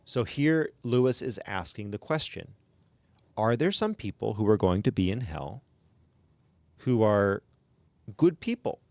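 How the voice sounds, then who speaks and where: A man's voice: on the low side, very animated, a little slow, gravelly, pauses often, a little mellow, no echo. A man hosting a casual book discussion, talking through a chapter conversationally. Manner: conversational, with frequent restarts and fillers. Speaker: podcast host leading a book discussion.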